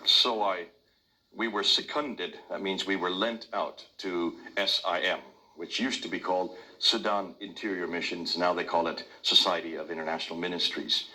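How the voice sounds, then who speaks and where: An older man with an American accent, lecturing an audience with emphatic, forceful delivery. His voice sits a little low, but its tone is sharp and intensely bright. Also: fairly even intonation, normal speed, rough recording. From India. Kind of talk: public talk to an audience.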